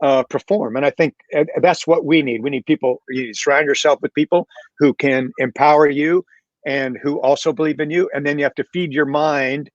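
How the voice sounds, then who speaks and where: A candid, reflective man speaks on a casual panel with a self-deprecating edge. His voice sits a little high for a man. The sound is muffled and dry, with no room echo. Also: fairly even intonation, normal speed. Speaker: panel guest, real estate leader. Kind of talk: casual video-call panel talk.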